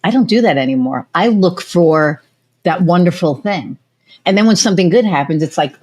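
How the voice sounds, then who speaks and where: A middle-aged woman hosting a podcast, telling stories in a lively, chatty way and acting out what others said. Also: lowish voice, a little fast. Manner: animated storytelling, acts out quoted voices. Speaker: podcast host. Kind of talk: casual chat.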